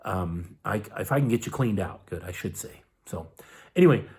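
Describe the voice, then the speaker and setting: An herbal health teacher gives a casual, folksy hands-on lesson, filling it with fillers and "okay?" check-ins while his eyes tear up from ointment vapors. His voice sits low with a darkish tone, expressive and at a moderate pace.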